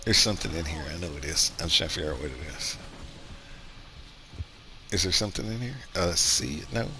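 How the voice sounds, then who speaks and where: Bright-voiced man musing over gameplay. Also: low-pitched, lively intonation, fairly quick, a little hiss or hum. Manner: rambling, thinks aloud with fillers and restarts. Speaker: gaming streamer. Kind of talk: casual gameplay commentary.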